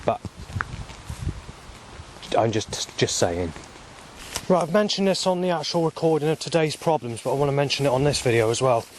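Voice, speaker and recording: A man, rambling and swearing as he walks outdoors filming on his phone, at times flaring into angry shouting. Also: medium pitch, lively intonation, moderate pace, long pauses, slight background noise. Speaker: vlogger. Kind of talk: rambling walking vlog monologue. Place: outdoors, walking along paths. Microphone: handheld phone camera.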